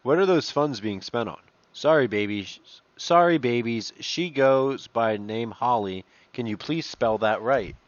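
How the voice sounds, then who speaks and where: A man's voice: medium pitch, measured pace, no room sound, highs cut off. A man casually reads online messages aloud and adds profane, mocking asides between them. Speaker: commentator reading online posts. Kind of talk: casual reading and commentary.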